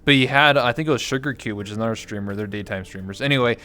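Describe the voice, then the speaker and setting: A man's voice: medium pitch, very fast, sharp tone. A man hosting a livestream, chatting casually in a rambling, jokey way. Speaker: livestream host. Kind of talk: casual chat.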